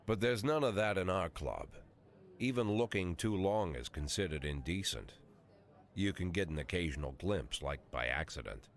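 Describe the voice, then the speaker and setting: A man's voice: sits low, animated, moderate pace. A man voicing a cynical, weary police chief in his sixties, narrating a video game in a dry, sardonic monologue. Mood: wry. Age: 60s.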